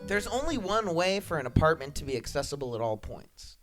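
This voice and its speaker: An animated man co-hosting a casual podcast, his pitch leaping up and down as he talks, a bit higher than most men. He swears freely and keeps breaking into exaggerated impressions. Music plays clearly underneath. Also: brisk. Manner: animated, swearing, slips into exaggerated put-on voices. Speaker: podcast co-host. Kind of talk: casual chat.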